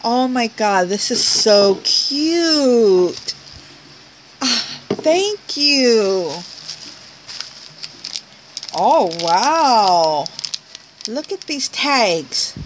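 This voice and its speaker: Woman, unhurried, excited unboxing chat, gushing, higher voice, faint background hiss. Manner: gushing, exclaiming over each item; talks to the camera and the sender. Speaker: craft vlogger opening mail.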